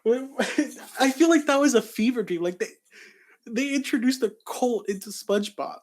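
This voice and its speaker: Excitable podcast co-host, lots of restarts. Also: male voice, very high voice, normal speed, slight background noise. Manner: excitable, stumbling restarts, laughs a lot. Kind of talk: casual chat.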